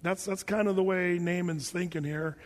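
A male pastor preaching a sermon in an animated, emphatic way, often repeating words as he thinks. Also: high-pitched, moderate pace, big-room sound.

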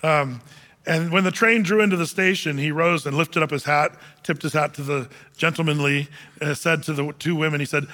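Animated, high-voiced preacher in a hall. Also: male voice, normal speed. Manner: animated storytelling, acts out characters. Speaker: pastor. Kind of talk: sermon.

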